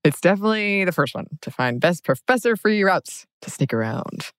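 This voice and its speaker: Low-voiced woman co-hosting a podcast. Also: expressive, a little fast, no room sound, clean studio sound. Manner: laughs often, short replies. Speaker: podcast co-host. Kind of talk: casual chat.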